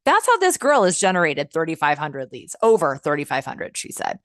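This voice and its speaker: A woman working as a customer success manager, leading a software training webinar in an upbeat, chatty, enthusiastic way, often using "like" and "um.". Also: low voice, huge pitch swings, fairly quick, no room sound, studio quality. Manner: frequent "like" and "um" fillers.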